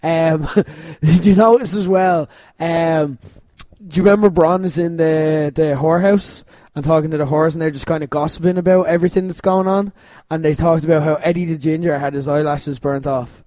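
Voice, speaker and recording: Lively man hosting a podcast. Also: a little high, moderate pace, no room sound. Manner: animated, swearing, laughing often. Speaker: podcast host. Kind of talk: casual chat.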